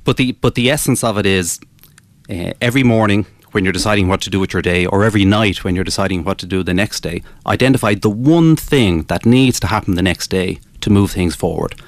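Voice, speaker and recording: A man, a business author interviewed as a guest, explaining his ideas in a measured way with frequent restarts. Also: deep voice, dry recording. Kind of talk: radio interview.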